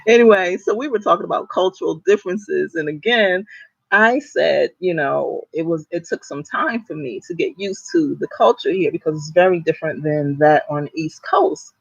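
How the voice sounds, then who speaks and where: A chatty woman from New Jersey recounts everyday stories to her followers, laughing often and pausing on ums. The sound is dry and a bit dull, close with no room around it. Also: lowish voice, lively intonation, creaky, slightly rough, no echo. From Newark, New Jersey. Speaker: author and vlogger. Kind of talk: casual storytelling to followers.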